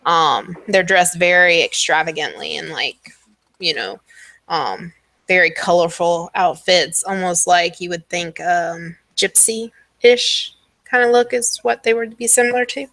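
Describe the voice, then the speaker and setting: Bright-voiced woman running a tabletop game. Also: fairly low pitch, a little slow, no room sound. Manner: casual, many ums while describing scenes. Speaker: dungeon master.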